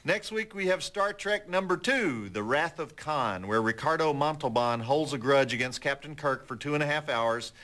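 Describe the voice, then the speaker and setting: Bright-voiced wry male TV host. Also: a little high, moderate pace, hardly any pauses. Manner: wry, deadpan storyteller. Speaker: late-night movie show host. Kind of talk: folksy TV host patter and joke telling.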